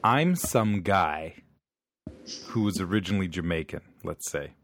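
A man's voice: sits low, expressive, a little slow, fairly bright tone, slight background noise. A man co-hosting a podcast in casual chat, playful and fond of absurd hypotheticals. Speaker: podcast co-host.

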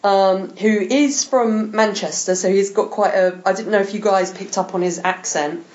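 A woman hosts a podcast in a chatty, enthusiastic way, laughing often as she talks. Her voice sits in a middle pitch. The recording sounds a little dull and lo-fi. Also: steady tone, normal speed, darkish tone. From England. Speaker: podcast host. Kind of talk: casual chat.

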